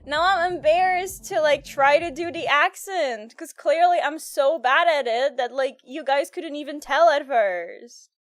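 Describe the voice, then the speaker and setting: A woman with a high, bright voice chats on a live stream, rambling and giggling through her stories with plenty of "like"s. She keeps a loose, playful stream-chat tone. Soft music plays faintly behind her. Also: a little slow. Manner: giggly, rambling storyteller with many fillers.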